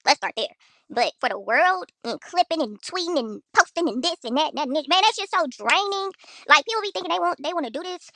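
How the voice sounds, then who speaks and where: Sharp in tone and pitched high, a young Houston, Texas woman delivers an animated, fairly quick rant to her livestream viewers, blunt and full of profanity. She's an influencer streaming on her own channel, and the recording is dry.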